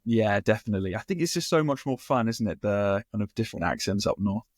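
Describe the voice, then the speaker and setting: A man with a southern English accent, an English teacher chatting in a relaxed, easygoing way as a guest. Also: on the low side, quick pace, dry recording, clean studio sound. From Hampshire, southern England. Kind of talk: casual chat.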